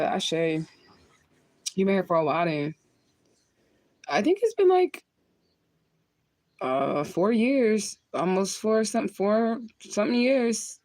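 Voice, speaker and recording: Reading comments from viewers, a spiritual medium talks casually on her livestream in a fairly low voice. She's blunt and profane and laughs a lot, and the audio has no room sound.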